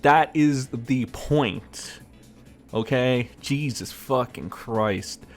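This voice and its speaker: A man's voice: mid-range voice, very slow, soft background music. A man giving a profane, sarcastic rant as a gaming commentator. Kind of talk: ranting commentary vlog.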